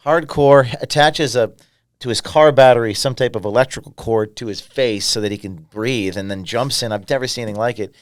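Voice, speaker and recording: A man in his thirties chats as a podcast guest, his voice smooth and clean in the middle register. He tells stories in lively spurts, leaning hard on key words. The sound is close and dry, with no room around it. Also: mid-range voice, brisk, no echo. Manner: animated storyteller, bursts of speed and emphasis. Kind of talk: casual interview conversation.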